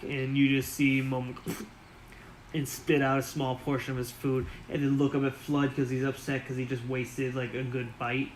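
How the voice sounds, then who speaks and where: A man narrating a tabletop game as game master, relaxed and halting with fillers. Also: medium pitch, a little hiss or hum, rough recording.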